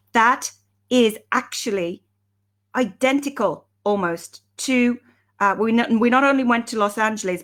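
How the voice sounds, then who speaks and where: A woman's voice: medium pitch, fairly bright tone. Chatty woman on a live stream. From Ireland. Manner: chatty and upbeat, greets viewers by name mid-sentence. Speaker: self-help speaker hosting a live stream. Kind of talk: casual live-stream talk. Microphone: webcam or phone live stream.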